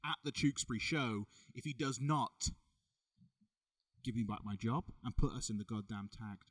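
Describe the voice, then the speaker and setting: A man's voice: medium pitch, normal speed, a bit bright, husky, far from the mic. A man co-hosting a podcast in casual, teasing banter, laughing often. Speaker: podcast co-host, wrestler.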